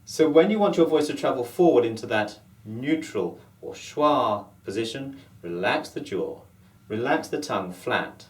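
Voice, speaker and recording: A man with a standard Southern British accent, giving a calm, methodical lesson on voice placement and demonstrating vowel sounds. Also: mid-range voice, normal speed. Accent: Standard Southern British English. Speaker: voice and accent coach. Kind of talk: instructional lesson. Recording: roomy echo.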